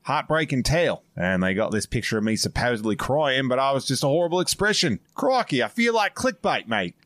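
A man voicing a grumpy elderly Australian woman in a mock Australian accent, gruff and blunt. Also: mid-range voice, big pitch swings, fairly quick, a bit bright, no echo, clean studio sound. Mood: indignant. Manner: gruff, blunt, exaggerated slang.

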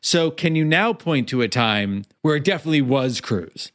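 A man's voice: medium pitch, animated, normal speed, a bit bright. A man hosting a podcast, chatting casually and teasing his guest, often restarting his sentences. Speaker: podcast host. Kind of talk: casual chat.

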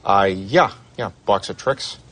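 A man's voice: on the low side, measured pace, a bit bright, slight background noise. An actor playing a nervous store clerk who stammers through his answers in a film comedy scene. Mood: flustered. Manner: stammering, hesitant. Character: nervous, flustered young male store clerk.

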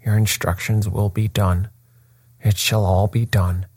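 A man voicing a gruff bullying old horse trainer. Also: on the low side, level tone, measured pace, darkish tone, no echo, studio quality. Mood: cowed. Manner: blustering then cringing.

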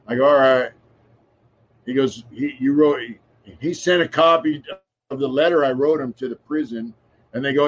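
A man's voice: medium pitch, fairly quick. A middle-aged man in casual chat, telling his story in a laid-back, rambling way and trailing off to a mutter. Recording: dull lo-fi sound.

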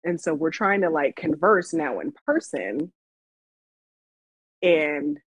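Her low, slightly rough voice unfolds slowly with no room sound as she co-hosts a podcast in Las Vegas. She shares a story casually, laughing often and getting lively when she quotes herself, on a dull, dry lo-fi recording.

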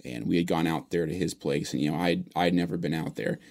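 A man's voice: low voice, fast talker, vocal fry, a little mellow. A young man talking as a guest, easygoing, with many "you know" fillers. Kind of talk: casual chat, storytelling.

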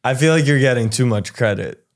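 A man's voice: mid-range voice, animated, brisk. A man co-hosting a podcast in casual chat, adding short replies and teasing questions. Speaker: podcast co-host.

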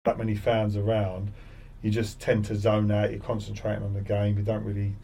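Middle-aged ex-footballer, low voice, set back from the mic, lively storytelling. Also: male voice, fairly quick, vocal fry, distant mic, a little hiss or hum. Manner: animated, acts out crowd taunts with rising voice. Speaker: guest, former footballer. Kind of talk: casual interview storytelling.

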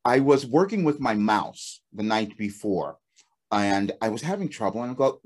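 A man tells a story in casual conversation, his slightly husky voice swinging up and down in pitch. He laughs easily as he talks. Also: a little fast. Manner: animated storytelling, laughs often. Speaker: channeler and guest.

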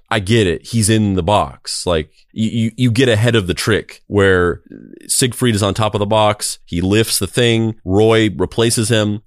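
Casting: a deep-voiced man co-hosting a podcast, loose and rambling, bone-dry sound. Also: no room sound. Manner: rambling, heavy on fillers. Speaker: podcast co-host. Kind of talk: casual chat.

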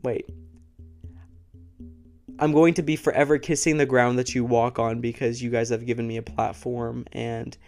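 A man's voice: mid-range voice, little pitch movement, moderate pace, pauses often, darkish tone, soft background music. A young man hosting a true crime podcast, talking casually and earnestly to camera, emotional and a bit sick, laughing between thoughts, close to the microphone. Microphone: close studio microphone.

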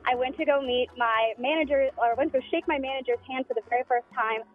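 A young woman calling in to a radio show, telling an embarrassing story quickly and laughing. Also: high voice, faint music behind. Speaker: caller. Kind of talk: telling a funny anecdote. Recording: dull lo-fi line.

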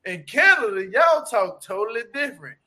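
A man with a high, bright voice, talking in a casual joking chat. He tells stories loudly and with lots of slang, laughing as he goes. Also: moderate pace. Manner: loud, laughing, slangy, animated storytelling.

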